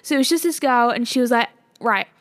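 A woman's voice: fairly high pitch, brisk, a bit bright, no room sound. A young woman hosting her own podcast, talking alone in a rambling, gushing and emotional way from a studio. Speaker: podcast host. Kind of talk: casual solo podcast chat.

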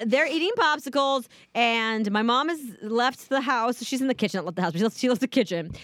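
A woman's voice: on the high side, fairly quick, no echo. A woman in her thirties chatting casually, telling a story and acting out the dialogue in different voices, with frequent laughs. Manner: animated, acts out quoted dialogue in voices, laughs often.

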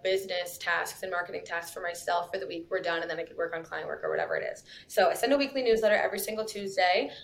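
Young woman guest, casual podcast chat, chatty with quick asides, faint rumble behind. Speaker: guest copywriter.

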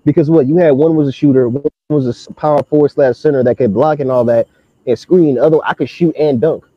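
A young man in casual chat, telling an animated story full of slang and laughter. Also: medium pitch, fast talker, dry recording. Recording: dull lo-fi sound.

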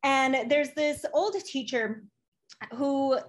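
A woman's voice: high-pitched, takes it slowly. A woman coach as an interview guest, talking earnestly and chattily with many fillers. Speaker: life coach, podcast guest. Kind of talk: casual interview talk.

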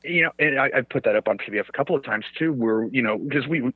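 A man's voice: fast talker, husky, no room sound, narrow, tinny audio. A man in casual political chat, ranting and swearing, his voice jumping up when he is incredulous. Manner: rants, swears, pitch jumps when incredulous.

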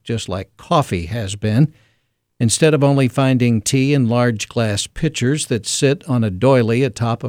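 A man's voice: mid-range voice, a little mellow, dry recording. Dry-voiced man telling wry stories. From Arkansas, US South. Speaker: podcast host and writer. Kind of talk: scripted humorous monologue.

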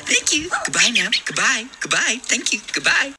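An actor playing a cartoon genie as a breathy, chirpy older woman cabin attendant in a film. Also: extremely high pitch, very animated, normal speed, distant mic, loud music behind the voice. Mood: sweet. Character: chirpy old-lady flight attendant genie, female.

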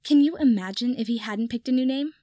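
A woman's voice: a little high, fairly quick, dark tone, dry recording, clean studio sound, lightly acted. A woman reading aloud voices a tipsy, foul-mouthed young witch who talks bluntly. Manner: swears freely, blunt. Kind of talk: audiobook fan fiction reading.

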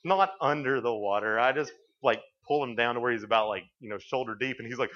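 Talking fast with few pauses, this man has a mid-range, fairly bright voice. He's a youth speaker delivering a folksy, story-filled sermon and acting out quoted dialogue, recorded in dull lo-fi.

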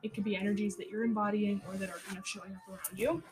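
A woman's voice: mid-range voice, fairly even intonation, very fast, rough recording. A woman hosting a podcast, giving a casual tarot reading, chatty and full of fillers and swearing, thinking aloud and stumbling over her words. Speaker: tarot reader and podcast host.

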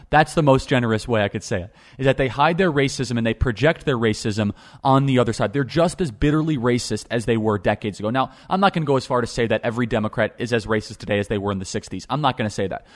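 A young man hosting a political talk show, speaking emphatically and repeating phrases for stress. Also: medium pitch. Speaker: podcast host.

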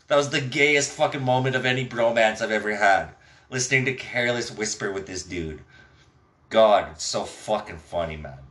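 A man's voice: medium pitch, bright, forceful tone. A man hosting his own podcast in a casual, laid-back way, swearing constantly as he chats. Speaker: podcast host. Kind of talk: casual stoner podcast chat.

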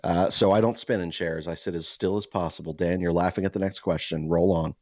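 Man, very low voice, podcast host, rambling, profane, dry, slightly muffled. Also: fairly even intonation, a little fast, darkish tone, dry recording. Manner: rambling, profane storytelling with many restarts. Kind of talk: casual podcast chat.

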